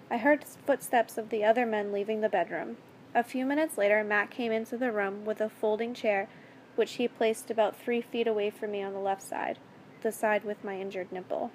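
A woman reading a first-person story aloud in a steady, earnest way. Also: mid-range voice, moderate pace, a little hiss or hum. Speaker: story reader.

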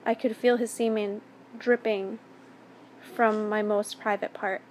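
A woman reading a first-person story aloud in a steady, even narration. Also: medium pitch, a little slow, a little hiss or hum.

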